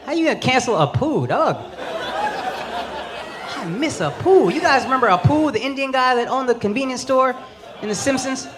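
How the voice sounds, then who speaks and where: Pausing often at a moderate pace, a stand-up comic in his thirties uses an extremely high, lively voice for a profane, punchy set. He performs on a club stage with a handheld mic, and a laughing crowd makes loud noise in the background.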